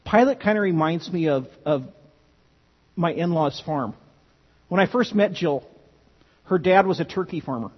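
A man's voice: on the high side, lively intonation, moderate pace, pauses often, breathy edge. A man preaching a sermon, earnest and emphatic, often restarting his phrases. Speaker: pastor. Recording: dull, lo-fi sound with long hall reverb.

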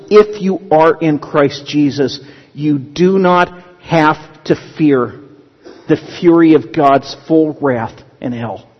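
A man's voice: on the high side, husky. A male pastor preaching a sermon in a conversational teaching manner, with humorous asides. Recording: dull lo-fi sound with long hall reverb.

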